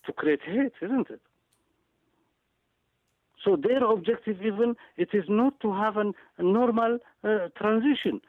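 A man's voice: high voice, no room sound. Emphatic man on a tinny phone line. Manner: emphatic, repeats words, frequent hesitant fillers. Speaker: guest analyst. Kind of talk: impassioned political commentary.

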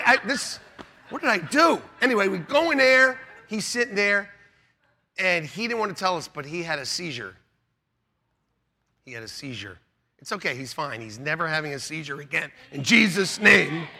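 A middle-aged man, a pastor, preaching a sermon with animated storytelling, laughing and shouting out quotes. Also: sits high.

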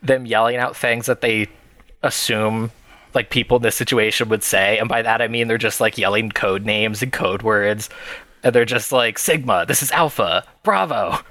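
A man co-hosting a podcast in casual chat, wry and self-deprecating, quick to agree. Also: on the low side, little pitch movement, bright, forceful tone, dry recording. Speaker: podcast co-host.

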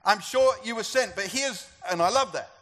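A man's voice: sits high, moderate pace, a bit bright. A man preaching a sermon to a church gathering, talking conversationally and asking the congregation questions. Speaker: pastor.

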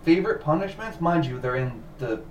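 A man with a fairly quick, expressive voice on the high side hosts a casual podcast, recounting a cult story from his notes. He repeats words now and then and laughs easily. A distant mic in a roomy space picks up faint noise.

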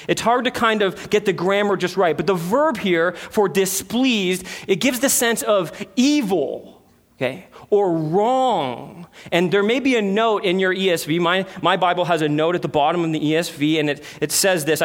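A male pastor giving an earnest expository sermon, stressing key words and sometimes dropping to a quiet voice. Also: high-pitched. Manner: earnest, emphatic preaching with sudden drops to quiet.

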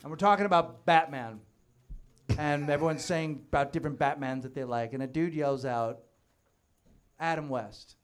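A man's voice: fairly high pitch, moderate pace, clean tone. A man co-hosting a live comedy podcast, telling a joking story in a rowdy, crude way. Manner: rowdy, joking anecdote teller. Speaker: podcast co-host.

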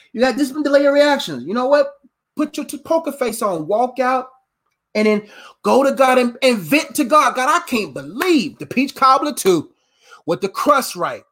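A man preaching a sermon, telling humorous stories in a lively, conversational way with casual slang. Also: high-pitched. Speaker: preacher and coach.

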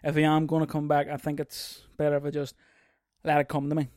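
Brief: male solo podcaster, slightly high voice, profane and rambling, dry close sound. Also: completely flat delivery, fairly quick, no room sound. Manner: profane, rambling, jumps into loud mocking outbursts. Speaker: podcast host. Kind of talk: casual solo podcast rant. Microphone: mic on a stand.

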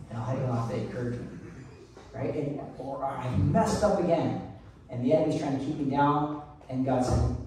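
A man's voice: medium pitch, fairly quick, darkish tone, a little hiss or hum. A male pastor giving a conversational, earnest sermon with frequent restarts. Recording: echoey room, mic at a distance.

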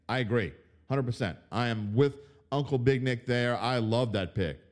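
A man hosting a sports betting podcast, ranting with mocking outbursts and dropping to low mutters. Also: normal speed. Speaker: podcast host. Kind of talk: opinionated sports betting talk.

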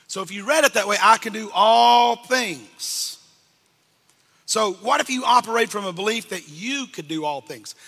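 A man preaching a sermon from the pulpit, calling out questions to the congregation and rising to shouts. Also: high voice, expressive, brisk, few pauses, long reverb tail. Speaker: pastor. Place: church sanctuary.

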